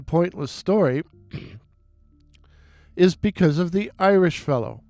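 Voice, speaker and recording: A man from New York City telling a rambling, digressive story in a casual, unhurried way. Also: fairly high pitch, warm tone, clear, resonant tone, no echo. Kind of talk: casual spoken reminiscence.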